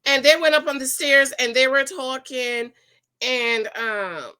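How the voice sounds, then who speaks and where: A woman recapping a reality show in animated, slangy gossip, acting out what people said. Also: high-pitched, unhurried, clean tone. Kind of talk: casual gossip chat.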